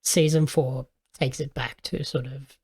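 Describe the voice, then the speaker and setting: Host, relaxed and easygoing, mid-pitched conversational voice. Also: measured pace, husky. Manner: brief agreeing replies, easygoing. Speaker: podcast host. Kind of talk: casual podcast chat.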